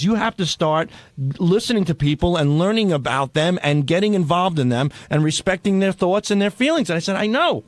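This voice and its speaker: A rambling, high-voiced New man. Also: no echo. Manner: rambling, defensive storyteller, rolls with his bits. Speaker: radio show regular. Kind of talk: casual talk radio banter. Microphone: studio microphone.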